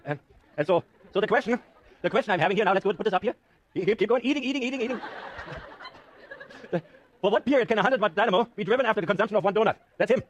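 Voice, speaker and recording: Fast-talking joking male professor lecturing. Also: sits high, muffled recording. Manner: joking, animated, self-mocking. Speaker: university professor. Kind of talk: classroom lecture with live demo. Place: lecture hall.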